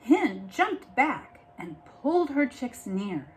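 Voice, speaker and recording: A woman reading a picture book aloud like a teacher, expressive and pausing to explain the story. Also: fairly high pitch.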